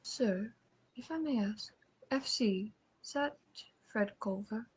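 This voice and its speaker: A woman's voice: on the high side, slow, a little hiss or hum. A woman playing a polite, formal doctor in a tabletop game, asking careful, courteous questions. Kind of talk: in-character tabletop role-play.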